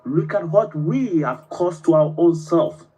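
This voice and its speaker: A man's voice: a little high, unhurried, background noise. A man from Ghana, calling in with a fervent, speech-like plea. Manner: fervent, builds to oratory. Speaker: caller. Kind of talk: impassioned call-in speech.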